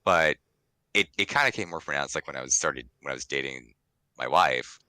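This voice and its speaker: A man's voice: rumbling low, animated, a little fast, bright, forceful tone, dry recording, low-quality recording. Man, from Washington D.C., podcast co-host, chatty storyteller, dry close mic. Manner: chatty storyteller, many fillers. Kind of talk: casual podcast chat.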